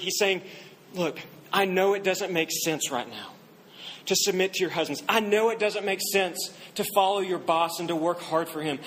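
A man preaching a sermon, telling a story and quoting its people in a softer voice. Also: high-pitched, slight background noise, poor audio. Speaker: pastor.

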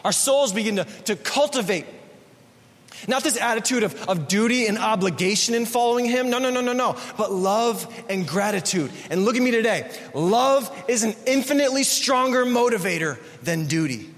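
A man's voice: sits high, expressive, normal speed, a bit bright, big-room sound. A man preaching a sermon as a pastor, in a conversational, emphatic way, often repeating his phrases.

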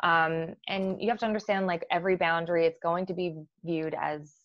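A woman's voice: lowish voice, steady tone, a little fast, no room sound, highs cut off. A woman therapist explaining in a professional conversation, with many fillers and restarts. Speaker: therapist guest.

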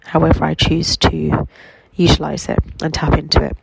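Nasal woman with a cold, gravelly and flat. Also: low-pitched, no echo, poor audio. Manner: slow, reflective, gently affirming. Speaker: healing coach. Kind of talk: spiritual self-help talk. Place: in bed at home.

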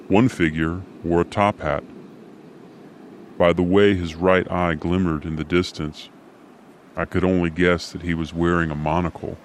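Male narrator, low and slow, dry deadpan storyteller. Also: a little hiss or hum.

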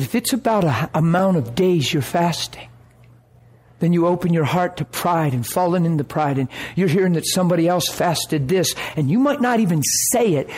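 Animated preaching man. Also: a little high, breathy edge. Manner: animated storytelling, acting out voices. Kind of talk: sermon storytelling.

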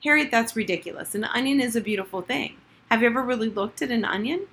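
Lady doing a no-nonsense teacher, firm and quick. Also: on the high side, animated, gravelly, fairly bright tone, a little hiss or hum, voice pushed up. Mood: coaxing. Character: brisk, sharp woman schoolteacher.

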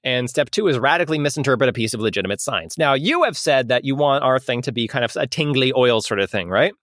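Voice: mid-range voice, expressive, fast, a bit bright, no room sound, clean studio sound. A podcast co-host chatting casually and joking, laughing often. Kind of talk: casual comedic chat.

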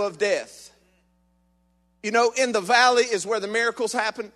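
A man preaching an energetic sermon, calling out to the congregation for amens, joking and shouting. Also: high voice, moderate pace, long pauses. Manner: call-and-response, shouting and joking. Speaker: lay preacher.

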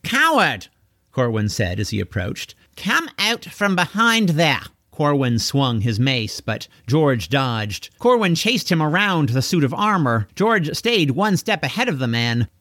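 Man reading an audiobook, very lively pitch. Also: unhurried, hardly any pauses, no echo, clean studio sound. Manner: expressive, animated storytelling. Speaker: audiobook narrator.

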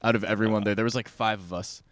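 A young man, a podcast guest, telling stories in lively casual chat. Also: lowish voice, fast, no room sound.

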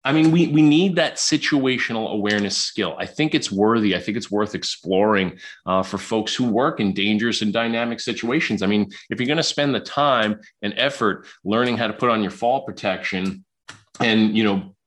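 Chatty New man, lowish voice. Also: moderate pace, a bit bright. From Queens, New York. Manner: talkative, repeats words when starting sentences. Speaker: psychologist guest. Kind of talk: podcast interview conversation.

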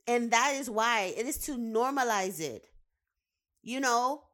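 A woman's voice: a little high, expressive, measured pace, fairly bright tone. Heated, profane woman ranting. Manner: heated, profane, repeats words for emphasis. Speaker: commentator; behavioral science professional with clients. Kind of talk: casual ranting commentary.

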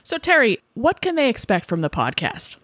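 A woman in her forties from the Boston suburbs, co-hosting a podcast with playful, teasing banter and quick interjections. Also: on the high side, huge pitch swings, fairly bright tone, no room sound. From Boston suburbs, USA. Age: 40s. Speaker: podcast co-host. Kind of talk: casual comedic podcast banter.

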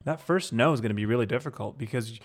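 A man's voice: mid-range voice, fast talker. A young adult man co-hosting a casual podcast, talking in loose, rambling sentences and quoting imagined dialogue. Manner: rambling, restarts, acts out quoted lines. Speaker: podcast co-host.

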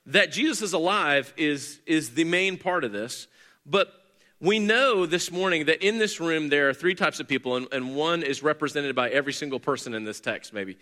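A male pastor who reads a scripture passage and then preaches an animated, joking sermon to his congregation. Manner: animated, joking, rises high for emphasis.

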